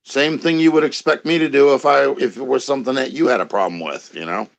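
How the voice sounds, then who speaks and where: A man's voice: medium pitch, fast, gravelly, dull audio. An older man in a played clip, talking plainly and explaining his views, often adding "you know.". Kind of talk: casual talk.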